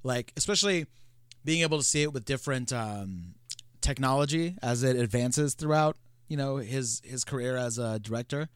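A man's voice: mid-range voice, normal speed, smooth, no echo, clean studio sound. A man co-hosting a film podcast, talking casually with many filler words. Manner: chatty, many "like" and "you know" fillers. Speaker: podcast co-host.

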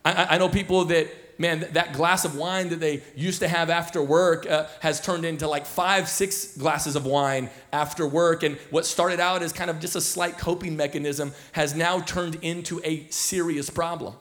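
A senior pastor in his thirties gives a sermon in the church auditorium, telling stories casually and often filling or restarting his sentences. He speaks at a moderate pace with hardly any pauses, in a fairly high, steady, slightly bright voice.

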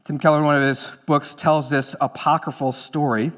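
High-voiced preaching man. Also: flat delivery, normal speed. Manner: earnest preaching, swings between emphatic and hushed. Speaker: pastor. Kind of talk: sermon.

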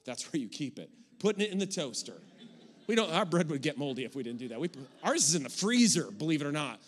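A middle-aged male pastor who preaches in an energetic, conversational way and often repeats and restarts his words. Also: on the high side, fast talker, breathy edge. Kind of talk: sermon.

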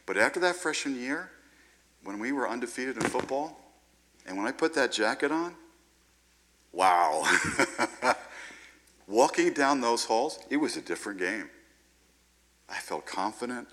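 A man preaching a sermon in a lively, conversational way, often checking in with "right?". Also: medium pitch, unhurried, long pauses.

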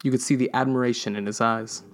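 A man hosting a podcast, reading a story aloud in an even, measured way. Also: mid-range voice.

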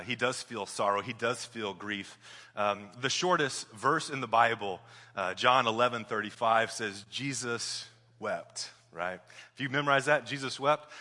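Young male pastor, sermon delivery, piercingly bright timbre, swings between loud build-ups and soft drops. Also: medium pitch. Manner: animated storyteller, builds up loudly then drops soft. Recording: long hall reverb.

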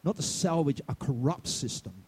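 A male senior pastor giving a sermon, animated, swinging from loud outbursts to quiet asides and asking the congregation questions. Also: a little high, moderate pace, husky.

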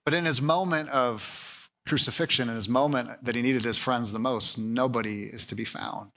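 A man preaching a conversational sermon, acting out quoted voices with lively shifts in tone. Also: medium pitch, moderate pace, hardly any pauses. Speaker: pastor.

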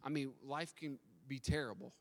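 A man's voice: mid-range voice, steady tone, normal speed. A man preaching a sermon, telling a story and asking his listeners direct questions. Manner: storytelling, asks the audience questions, stammers on restarts. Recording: long hall reverb.

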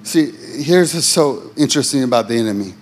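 With soft music playing behind him, an animated male preacher speaks briskly in a sermon. His repetitive, rhythmic lines rise to impassioned highs, then drop suddenly into quiet, low emphasis.

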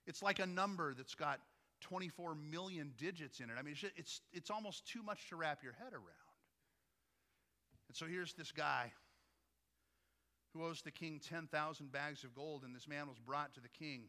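A man's voice: on the high side, normal speed, sharp tone, big-room sound. A man preaching a sermon as pastor, talking to the congregation in a conversational way and often asking them questions. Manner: conversational, asks listeners frequent questions.

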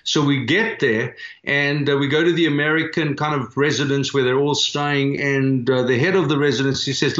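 A man's voice: mid-range voice, steady tone, moderate pace, hardly any pauses, a bit bright. Earnest middle-aged man in an echoey room. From South Africa. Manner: earnest, heartfelt storyteller with frequent restarts. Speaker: church planter, guest. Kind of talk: storytelling in a podcast interview. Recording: roomy, dull remote recording.

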